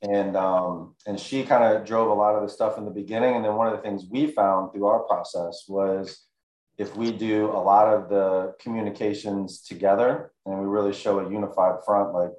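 Man, low voice, hesitant and reflective, echoey room, video call. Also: steady tone, moderate pace, a little mellow. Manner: reflective, hesitant, many fillers. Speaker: panel guest. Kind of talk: personal story in panel talk.

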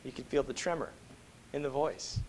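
A man preaching a sermon to a congregation, moving between hushed, slow passages and loud, emphatic ones and often asking rhetorical questions. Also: medium pitch. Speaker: pastor.

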